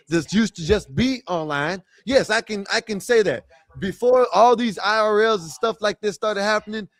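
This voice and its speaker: A man talks casually on a panel show, rambling through his argument and checking often that he is followed. His voice sits high. The mic is close and dry. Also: no echo. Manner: rambling, keeps asking "you know what I mean".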